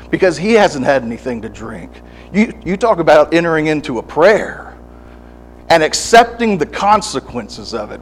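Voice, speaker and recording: Fervent preacher building to pleading. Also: male voice, fairly high pitch, slight background noise. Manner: stammering restarts, builds from quiet to fervent pleading. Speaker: pastor. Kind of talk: sermon. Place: church service.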